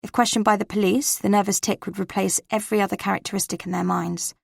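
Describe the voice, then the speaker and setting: A woman narrating a cozy mystery audiobook in the first person, in a measured, wry manner. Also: mid-range voice, fairly even intonation, creaky, no echo, clean studio sound.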